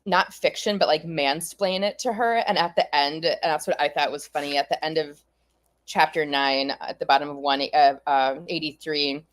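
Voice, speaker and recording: A woman's voice: low voice, fairly even intonation, moderate pace. A woman co-hosting a casual book discussion, chatty, laughing often and retelling scenes with quoted lines. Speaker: podcast co-host.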